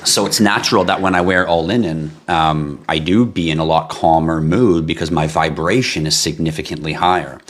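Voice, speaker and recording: A middle-aged man with a very low, deep voice hosts a crypto livestream. He talks casually and bluntly, answering viewer comments. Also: fairly even intonation, moderate pace, few pauses. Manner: blunt, ranting, swears, laughs at himself.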